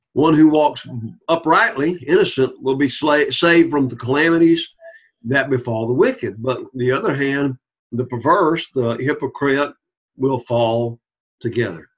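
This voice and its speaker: A man's voice: fairly high pitch, breathy edge, dull audio. A man teaching a Bible study lecture, repeating key points and checking in with the class.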